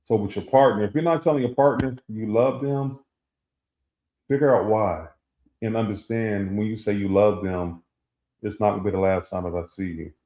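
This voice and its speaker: A man's voice: on the low side, moderate pace, warm tone. A middle-aged man co-hosting a casual talk show and telling a personal story, acting out the voices he quotes. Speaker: co-host. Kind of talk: casual chat. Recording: echoey room.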